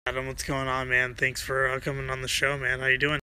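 A man hosting a podcast, chatting casually and haltingly with many ums and uhs. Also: medium pitch, monotone, sharp tone, clean tone, low-quality recording. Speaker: podcast host. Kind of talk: casual chat.

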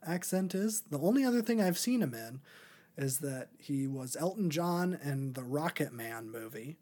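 A man's voice: on the high side, animated, moderate pace, darkish tone. A man hosting a podcast, chatting casually through a movie review with many ums and restarts. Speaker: podcast host.

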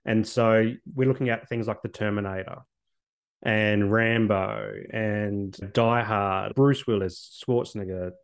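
An Australian man in his thirties with a lowish voice, talking openly about his own life as an interview guest. He speaks earnestly and a little loosely, often restarting his sentences and saying "like". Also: fairly even intonation, measured pace, creaky. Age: 30s. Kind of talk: candid personal storytelling.

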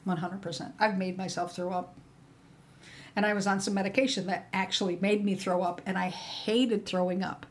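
A woman's voice: medium pitch, little pitch movement, normal speed, a little hiss or hum. A middle-aged woman in casual conversation, telling candid stories and acting out the people she quotes. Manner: candid storyteller, acts out quoted dialogue. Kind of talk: casual chat.

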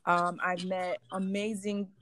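A woman's voice: fairly low pitch, takes it slowly, no echo. Chatty woman hosting a podcast, dry sound. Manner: lively storytelling, laughs often. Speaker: podcast host. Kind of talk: casual chat.

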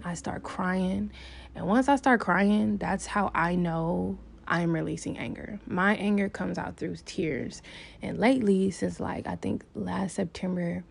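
With a lowish, creaky and somewhat mellow voice, this vlogger shares a personal story straight to camera. She's open and confessional, rambling casually and dropping "like" again and again.

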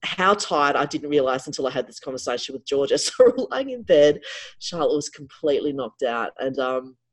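A middle-aged woman, a guest on an interview, telling a personal story in a casual, animated way with frequent restarts. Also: a bass voice, brisk, slight background noise, low-quality recording.

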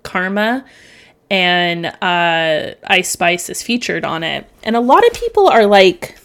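A woman's voice: fairly low pitch, big pitch swings, takes it slowly, fairly bright tone. A young woman hosting a solo podcast, rambling and emotional, tearful at times, swearing casually and filling gaps with ums. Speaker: podcast host.

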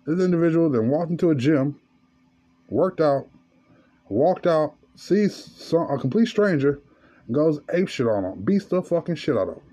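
A man's voice: fairly high pitch, sing-song, moderate pace, mellow. A man hosting a podcast, telling a story in a casual, profane monologue. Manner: profane, storytelling, rising to angry rant. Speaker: podcast host.

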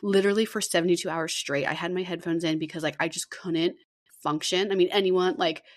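A woman's voice: lowish voice, a little fast. A woman in her thirties co-hosting a casual podcast over a video call, telling stories with lots of swearing and acting out what others said. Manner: animated storyteller, swears freely, acts out quotes. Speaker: podcast co-host. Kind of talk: casual chat.

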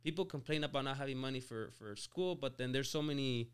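His voice is mid-range, fast, and smooth: a man in his twenties from Mexico who owns an auto shop, chatting casually as a podcast guest about his story. He leans heavily on "like" and "you know" and often restarts words.

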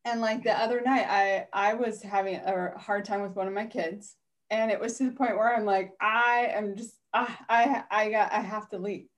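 A woman's voice: mid-range voice, fairly even intonation, normal speed. Chatty mother telling home stories. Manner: warm storytelling with laughter. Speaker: guest, mother in a weight program. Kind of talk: casual conversation.

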